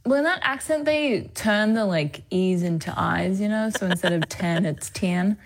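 A woman's voice: medium pitch, lively intonation, normal speed. A young woman with an Australian accent, an actress chatting animatedly in an interview and laughing often. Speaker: actress guest. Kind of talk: casual interview chat.

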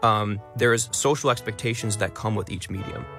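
A man who talks fast and stresses many words, a content creator being interviewed on radio in a studio. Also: on the low side, steady tone, a bit bright, faint music behind.

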